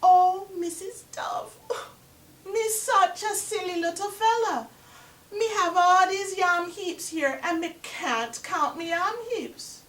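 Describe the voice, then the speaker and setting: A woman voicing Anansi, a cunning and greedy male spider trickster, in a high, loud, wheedling voice. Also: takes it slowly, full character voice. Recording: roomy echo from far off.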